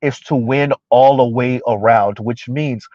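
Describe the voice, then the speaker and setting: A man hosting a casual livestream, talking directly to his viewers and slowing down to make his points very deliberately. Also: medium pitch, dark tone, no room sound, dull audio. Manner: addresses viewers directly, slows down to stress points; refers to himself in the third person. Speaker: livestream host reading chat comments.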